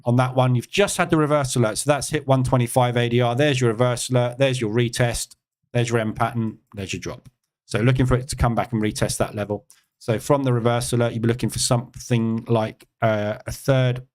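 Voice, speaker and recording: A man hosting a live trading stream, giving casual market commentary and thinking aloud with many fillers and asides. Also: medium pitch.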